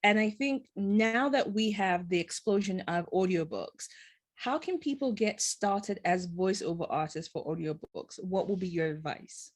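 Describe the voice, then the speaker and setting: A woman hosts an interview show, speaking at a medium pitch. She thinks aloud as she builds long, open questions for her guest, with a reflective, conversational way of talking. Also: unhurried. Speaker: podcast host.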